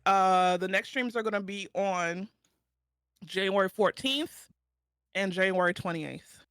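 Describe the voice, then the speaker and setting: A woman's voice: medium pitch, a little slow, fairly bright tone, clear, resonant tone, no room sound, studio quality. A woman streamer, talking tearfully and affectionately to her friends in casual chat.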